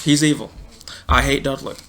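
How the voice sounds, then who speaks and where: A man's voice: medium pitch, steady tone, moderate pace, fairly bright tone. A man co-hosting a podcast, teasing and sarcastic, swearing in casual chat. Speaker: podcast co-host.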